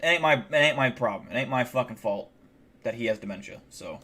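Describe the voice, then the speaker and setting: A man's voice: medium pitch, expressive, a little fast, bright, forceful tone. A man live streaming, telling a story in a casual, rambling way, swearing a lot and filling his talk with "like". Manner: rambling and heavily profane, many fillers like "like".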